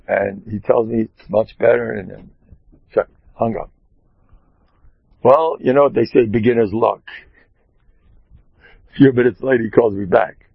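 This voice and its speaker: A man, a rabbi, telling a story in an animated way and mixing in Hebrew and Yiddish terms. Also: mid-range voice, a little slow, vocal fry, long pauses, husky, no room sound, phone-quality sound. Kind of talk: storytelling talk.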